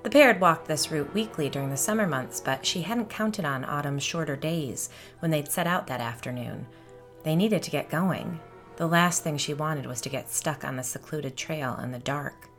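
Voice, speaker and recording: A woman podcast host narrating a first-person story in a steady, conversational storytelling way. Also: sits low, moderate pace, soft background music.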